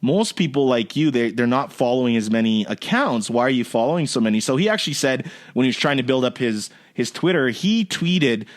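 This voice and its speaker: A Canadian man hosts a casual interview podcast, speaking brisk and medium-pitched with few pauses. He tells stories animatedly, acting out quotes in a raised voice.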